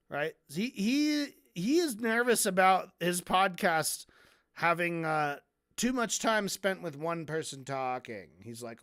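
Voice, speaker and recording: This streamer's voice sits at an ordinary middle pitch, and the delivery is loose and off the cuff. The host is sarcastic, swears a lot and keeps slipping into mocking impressions of the people being discussed. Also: animated, a little slow, a bit bright. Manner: sarcastic and heavily profane; mocks people by acting out their lines. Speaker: streamer analyzing debates. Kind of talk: casual stream commentary.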